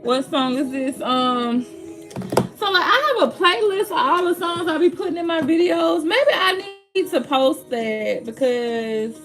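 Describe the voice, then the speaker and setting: Chatty woman host greeting viewers. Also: high-pitched. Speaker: livestream host. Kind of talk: casual livestream chat.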